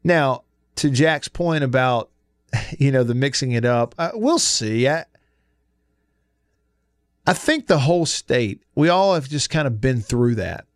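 Male radio host, relaxed and conversational, close dry studio mic. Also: mid-range voice, measured pace, pauses often, dry recording. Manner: relaxed, chatty, laughs easily. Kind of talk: casual sports talk radio. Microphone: studio microphone.

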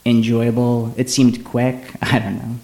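Creaky-voiced man hosting a chatty podcast. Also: medium pitch, completely flat delivery, measured pace, dark tone. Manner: chatty, joking, mock-sponsor asides. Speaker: podcast host. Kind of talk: casual podcast chat. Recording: echoey room recording.

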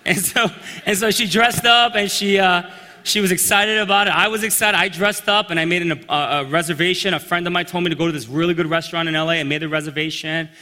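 A man telling a personal story in a sermon, animated and acting out the voices of the people in it. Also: high voice, quick pace. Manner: animated storyteller, acts out quotes. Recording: long reverb in a large hall.

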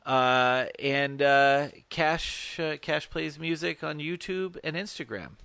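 A man's voice: on the high side, takes it slowly, creaky, sharp tone, clear, resonant tone, no echo. A man hosting a casual family vlog at home, joking and teasing with playful swearing.

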